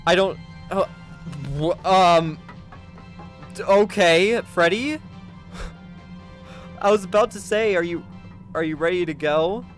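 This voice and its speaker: A man narrating his own game playthrough for his viewers, chatty and quick to get excited. His voice sits a little high, and he gasps and cheers as he goes, with soft music playing faintly underneath. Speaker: gaming video creator. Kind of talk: let's play commentary.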